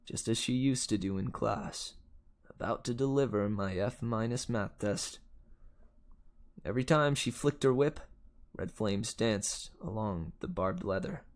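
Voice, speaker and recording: A man reading a novel aloud, with steady first-person narration. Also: medium pitch. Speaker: audiobook reader.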